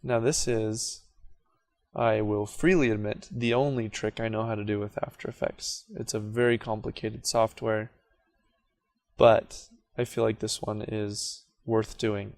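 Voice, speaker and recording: Speaking at a measured pace in a lowish voice, a man narrates a casual video editing tutorial recorded from his screen. He sounds relaxed, describes his clicks as he works, and occasionally corrects himself.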